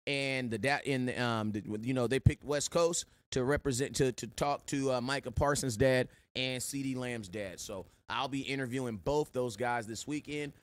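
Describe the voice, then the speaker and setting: A man hosting a sports live stream, giving loud, slangy shout-outs to viewers in casual chat. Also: mid-range voice, moderate pace, few pauses, no echo. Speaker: sports show host.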